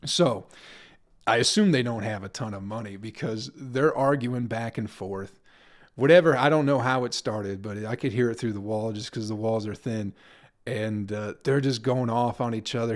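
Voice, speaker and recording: A young man talks in a loose, rambling podcast monologue, cursing often and cracking himself up. His voice sits in a middle pitch, neither high nor low, and his delivery is offhand and conversational, like a comedian riffing on his week. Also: moderate pace. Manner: profane, laughs at his own stories.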